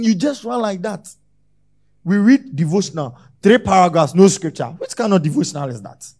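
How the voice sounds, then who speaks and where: Scolding preacher, higher voice. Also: male voice, lively intonation, moderate pace. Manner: scolding, rhetorical questions, swings from soft to loud. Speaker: pastor. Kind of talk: sermon.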